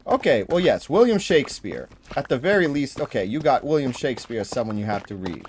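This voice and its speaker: A man's voice: medium pitch, sing-song, a little fast, a little hiss or hum. A man with a Boston accent chatting casually on a gaming livestream, rambling and friendly as he searches for words. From Boston area, New England. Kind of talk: casual chat.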